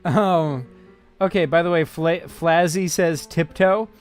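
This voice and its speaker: A man's voice: fairly high pitch, fairly even intonation, clear, resonant tone, faint music behind. A man narrating as game master, talking casually with many fillers and restarts. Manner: halting, full of fillers and laughs.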